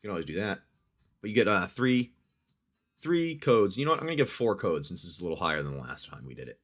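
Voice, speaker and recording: Man, livestream host, low voice, chatty, game narration, reacts to dice rolls. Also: sing-song, fast talker. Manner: chatty, addresses the player as "my friend"; talks through dice rolls, reacts loudly to hits.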